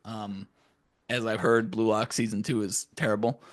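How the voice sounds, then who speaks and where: A man co-hosting a podcast in casual chat, animated and profane, acting out scenes in silly voices. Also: fairly low pitch, moderate pace, no room sound. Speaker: podcast co-host.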